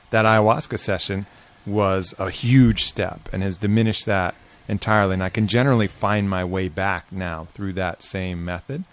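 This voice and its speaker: A man as a podcast guest, talking casually and earnestly about facing fear, with some swearing. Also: fairly low pitch. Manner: earnest, reflective, profane. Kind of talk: casual conversation.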